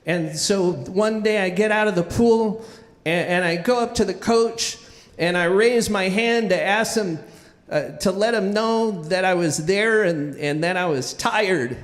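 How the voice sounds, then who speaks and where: A man telling a childhood story live on stage, animated and often restarting with repeated words. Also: sits high, measured pace, in a large hall.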